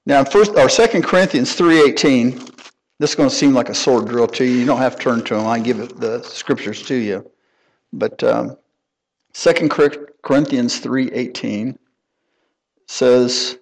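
A man's voice: medium pitch, moderate pace. A middle-aged man giving a conversational sermon, folksy and anecdotal, chuckling at himself as he tells stories. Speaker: preacher.

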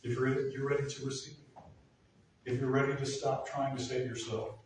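A male pastor delivers a sermon in an earnest voice that swells to emphatic peaks. His voice is of middling pitch and is picked up from a distance, so it rings with heavy reverb in a large room with faint ambience behind it. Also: little pitch movement, moderate pace, slight background noise. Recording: echoey room from far off.

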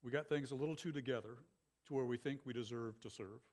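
A male pastor giving a sermon in a conversational, animated style with many asides to the congregation. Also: mid-range voice, quick pace.

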